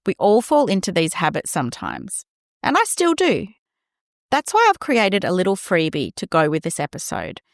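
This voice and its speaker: Gentle, animated woman podcast host. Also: fairly low pitch, creaky, no echo, studio quality. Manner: gentle, reassuring, acts out quoted lines. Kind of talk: scripted podcast monologue.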